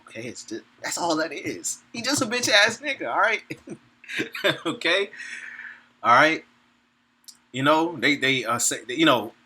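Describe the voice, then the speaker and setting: With a mid-range voice that sounds pushed, bright and slightly rough, a man preaches informally. He reads scripture aloud, comments bluntly and with profanity, laughs between points and checks in with his audience.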